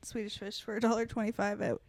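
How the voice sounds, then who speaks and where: A woman's voice: mid-range voice, flat delivery, fast talker, darkish tone, no echo. A woman co-hosting a podcast, making dry teasing remarks and short replies. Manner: dry, teasing asides, many short backchannels. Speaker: podcast co-host. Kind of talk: casual chat.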